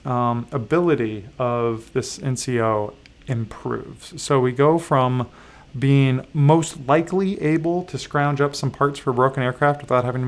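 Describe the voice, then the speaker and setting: A man with a gravelly, creaky voice talks through the rules of a board game he is playing on a livestream. He pauses often with fillers and pokes fun at himself as he checks the rulebook. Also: medium pitch. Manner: halting, many fillers, self-deprecating asides. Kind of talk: casual rules walkthrough.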